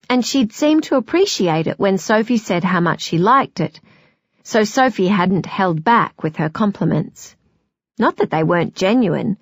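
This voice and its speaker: A woman narrating a novel in a measured, expressive storytelling voice. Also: mid-range voice, no echo, studio quality. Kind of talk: scripted audiobook narration.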